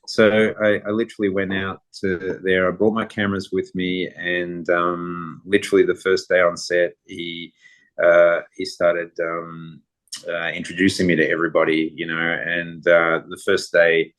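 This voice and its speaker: Deep flat-voiced man telling stories. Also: a little slow. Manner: rambling, relaxed anecdote-telling. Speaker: guest photographer. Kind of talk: casual interview storytelling.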